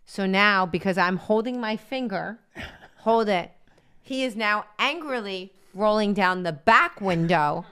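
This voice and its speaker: A middle-aged woman co-hosting a comedy talk show, agreeable and quick to chime in and tease. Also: medium pitch, animated, a bit bright, clear, resonant tone. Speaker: co-host. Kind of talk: casual comedic chat.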